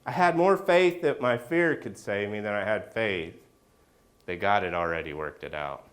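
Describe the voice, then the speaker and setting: A man preaching a sermon as pastor, telling a personal story and acting out the scenes with loud outbursts. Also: fairly low pitch, normal speed. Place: church sanctuary.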